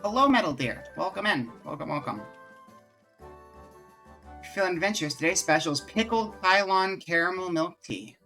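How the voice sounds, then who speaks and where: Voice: mid-range voice, animated, moderate pace, pauses often, sharp tone, faint music behind, voice pushed up. A streamer voicing a cheery shopkeeper who greets customers in a raised, welcoming voice.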